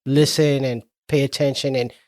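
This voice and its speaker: A man co-hosting a podcast, talking about a movie in a relaxed, rambling and profane way. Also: mid-range voice, normal speed, no room sound, clean studio sound. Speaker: podcast co-host. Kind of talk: casual movie chat.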